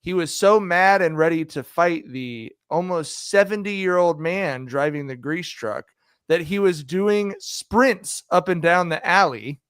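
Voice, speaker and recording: A man's voice: high voice, unhurried, fairly bright tone, clear, resonant tone, dry recording, studio quality. A man co-hosting a casual sports podcast, laughing often as he recounts a story. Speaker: podcast co-host.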